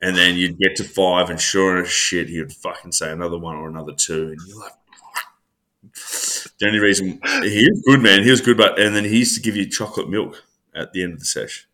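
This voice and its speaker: A man, co-hosting a podcast in relaxed, laughing banter that often repeats its words. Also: low voice, a little fast. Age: 30s. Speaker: podcast co-host. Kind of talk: casual chat.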